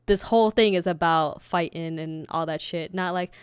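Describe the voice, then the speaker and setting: A young woman co-hosting a casual anime podcast, animated, laughing often and swearing freely. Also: on the low side, moderate pace, clear, resonant tone. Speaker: podcast co-host.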